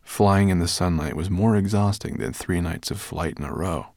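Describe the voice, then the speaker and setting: A man narrating an audiobook in an even, measured reading voice. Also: sits low, dry recording, studio quality.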